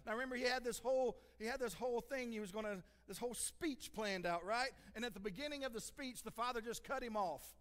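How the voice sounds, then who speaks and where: Brief: male pastor, high-pitched, earnest conversational preaching, long church reverb. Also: fast, hardly any pauses, a bit bright. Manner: earnest, conversational, repeats "listen" for emphasis. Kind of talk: sermon. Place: church sanctuary.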